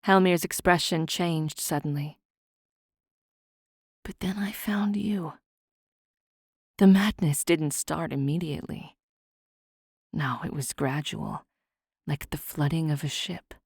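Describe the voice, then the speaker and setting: A woman narrating a fantasy audiobook in a measured, soft-spoken reading on a close studio mic. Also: deep voice, no room sound.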